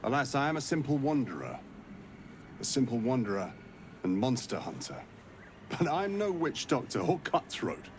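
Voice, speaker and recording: A wry wandering monster hunter. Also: male voice, medium pitch, big pitch swings, normal speed, noisy background. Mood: mocking. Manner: formal, wry storyteller. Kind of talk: video game voice acting.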